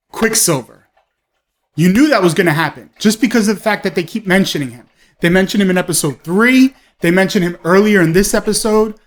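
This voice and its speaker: Slow, gushing male TV reviewer. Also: sits high. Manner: gushing, rambling, with frequent exclamations. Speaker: host of a TV review show. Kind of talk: casual episode review.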